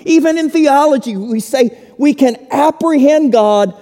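High-voiced preacher in an echoing hall. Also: male voice, warm tone. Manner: slow, emphatic preaching with dramatic pauses. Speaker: pastor. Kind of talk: sermon.

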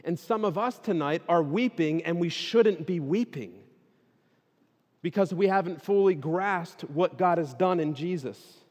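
A man preaching a sermon, casual at first and then animated, building to loud emphatic peaks. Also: sits high, a little slow. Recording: long reverb of a hall.

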